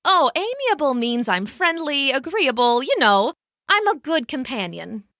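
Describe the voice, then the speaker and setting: A woman's voice: sits high, sing-song, a little slow, a bit bright, no room sound, studio quality, pitched above the performer's own voice, exaggerated voice. A woman voicing a cheerful female flea who talks like a friendly saleswoman. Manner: chirpy, salesy.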